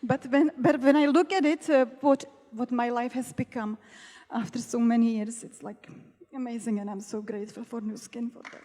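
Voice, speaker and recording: This panelist, a former doctor now in network marketing, gives a candid personal testimony in a big, echoing hall at a business event, laughing frequently and becoming emotional. Her voice is on the high side and dark in tone, with fairly even intonation, a normal pace and few pauses.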